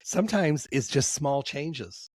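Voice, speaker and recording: A man hosting a casual interview, telling stories in a lively way and acting out the people he quotes. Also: mid-range voice, takes it slowly, dry recording. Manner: animated storyteller, acts out quoted voices. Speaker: host.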